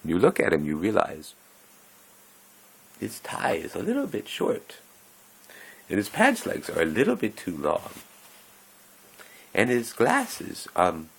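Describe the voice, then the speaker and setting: A deep, gravelly man's voice, rough and raspy in texture. He rambles along casually, breaking off his own sentences and chuckling as he wanders from thought to thought. His pitch swings lively up and down as he talks. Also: unhurried, pauses often, poor audio. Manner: meandering, self-interrupting, chuckling often.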